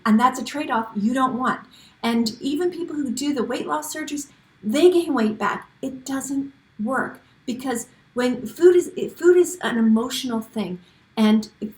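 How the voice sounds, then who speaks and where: A woman's voice: fairly high pitch, roomy sound, low-quality recording. A middle-aged woman hosting a casual talk to camera, chatty and encouraging, often restarting her sentences. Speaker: host.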